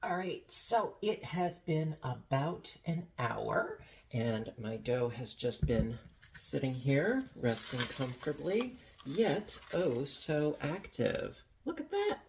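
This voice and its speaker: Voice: mid-range voice, very animated, slow pace, vocal fry, a little hiss or hum. A home baker chatting casually in a kitchen while demonstrating a recipe, playful and full of jokey asides. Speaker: home baking vlogger.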